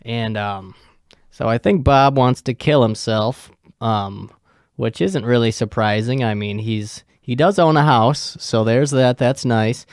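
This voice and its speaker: A man's voice: mid-range voice, unhurried, no room sound, clean studio sound. Young man rambling crudely on a podcast. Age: young adult. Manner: rambling, crude, swears a lot, trails off with ums. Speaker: podcast host. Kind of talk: casual storytelling.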